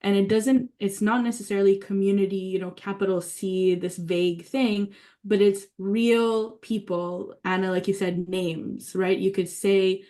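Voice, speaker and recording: A woman teaches a community writing workshop in an eager, conversational way. She thinks aloud, circles back with fillers and restarts, and keeps her pitch at an ordinary middle level. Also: fairly even intonation, unhurried, warm tone. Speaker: workshop leader.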